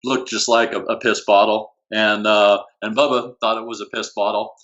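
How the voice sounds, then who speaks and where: A middle-aged man, a podcast guest, telling a story in a halting way, full of fillers. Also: fairly low pitch, little pitch movement, a bit bright, lo-fi sound. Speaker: guest, former squad member. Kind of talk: casual chat, storytelling.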